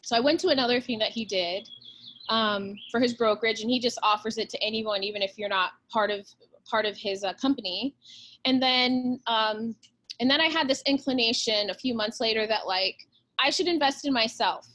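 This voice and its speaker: A woman's voice: a little high, fairly bright tone. A woman, a real estate agent talking bluntly and with plenty of swearing in a casual podcast interview. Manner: blunt and profane, fast-flowing pep talk.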